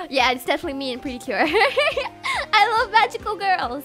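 A woman's voice: very high voice, big pitch swings, moderate pace. A young woman from Singapore chatting playfully and giggling as she streams a game, with faint game music behind. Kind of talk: casual live game commentary.

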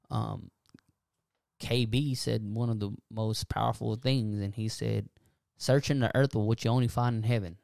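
A young man talking casually about faith and self-forgiveness on a podcast, animated and preachy, laughing often. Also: medium pitch, creaky, no echo, studio quality. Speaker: podcast co-host.

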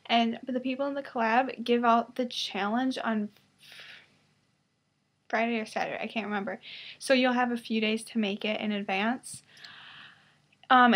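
Casual bedroom vlogger, woman, high voice, rambly, drifts into whispers. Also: steady tone, a little slow. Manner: rambling, filler-heavy, sometimes drops to a whisper. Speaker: vlogger in a collab channel. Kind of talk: casual webcam vlog.

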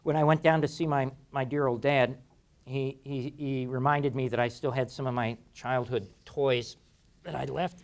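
A man's voice: mid-range voice, fairly even intonation, moderate pace. A middle-aged man giving a university lecture in a casual, chatty way, with frequent restarts and laughter. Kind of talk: classroom lecture. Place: lecture hall.

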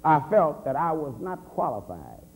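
A man, an assistant pastor, telling his conversion story as a convention sermon, swinging from a low murmur to heated near-shouts. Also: sing-song, moderate pace. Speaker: minister giving testimony. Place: large convention hall. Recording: reverberant hall with faint hum.

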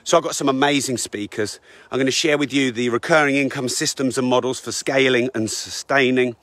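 A man talking on a live stream while walking, a bit out of breath, making an eager sales pitch full of fillers. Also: fairly quick, fairly bright tone, no echo. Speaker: business coach promoting his event. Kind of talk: live-streamed casual talk.

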